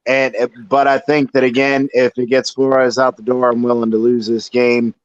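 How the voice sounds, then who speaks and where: Brief: mid-pitched male panelist, halting and frank, dry close mic. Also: little pitch movement, no room sound, muffled recording. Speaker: podcast panelist. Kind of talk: casual podcast chat.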